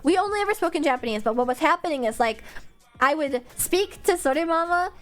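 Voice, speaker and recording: Animated high-voiced young woman streamer. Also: brisk. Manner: animated, laughing, swooping pitch, many fillers. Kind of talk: casual stream chat. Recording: faint music behind.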